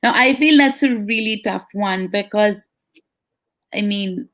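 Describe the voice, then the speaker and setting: A woman's voice: medium pitch, unhurried, fairly bright tone. A woman co-hosting a live online Q&A, reading out viewer questions and musing on them thoughtfully. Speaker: co-host reading audience questions.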